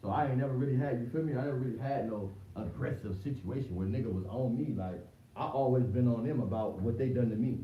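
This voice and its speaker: Speaking quickly in a mid-range voice, a male livestream host rambles through slangy talk, restarting and repeating himself a lot. An echoey room and a dull lo-fi microphone with faint hiss make him sound distant and muffled.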